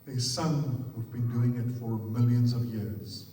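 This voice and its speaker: A pastor with an Afrikaans accent preaching a sermon, putting weight on words and repeating them in threes, often putting questions to the congregation. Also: male voice, medium pitch, steady tone, takes it slowly, warm tone, slight background noise. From South Africa. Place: church hall. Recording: echoey hall, picked up from far off.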